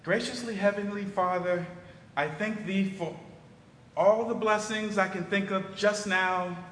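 A man's voice: high-pitched, steady tone, measured pace, a bit bright, a little hiss or hum. A man reading aloud as an eager, imaginative orphan girl, dreamy and gushing, in a church. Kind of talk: dramatic reading in a service. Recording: roomy hall with long reverb.

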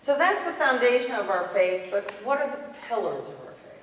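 A woman's voice: a little high, big pitch swings, brisk. Woman preaching in church, earnest, keeps repeating lines, long echo, faint room hum. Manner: earnest, emphatic, repeats phrases. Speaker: congregational life staff leader. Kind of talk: sermon. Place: church sanctuary. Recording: echoey hall, distant mic.

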